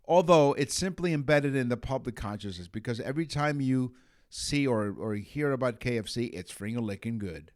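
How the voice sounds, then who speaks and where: Animated, punning male podcast co-host. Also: medium pitch, moderate pace. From Canada. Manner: jokey, reads trivia with puns. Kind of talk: casual chat.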